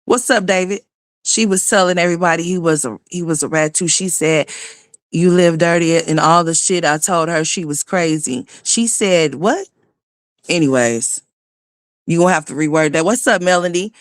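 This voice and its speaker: A woman's voice: lowish voice, brisk. A woman hosting a livestream, delivering a blunt, scornful, profane commentary rant and greeting chat viewers by name as she goes. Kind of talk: ranting gossip commentary.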